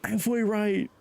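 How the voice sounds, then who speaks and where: Lively Irish man streaming a game. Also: high voice, gravelly. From Ireland. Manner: playful, swears, laughs, talks to chat. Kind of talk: live gaming stream chat.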